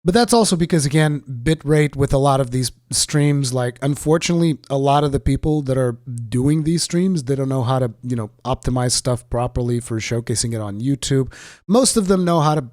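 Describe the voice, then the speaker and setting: A man's voice: mid-range voice, fairly quick, a little mellow, dry recording, clean studio sound. A man with a sick voice giving casual, opinionated gaming commentary with sarcastic asides.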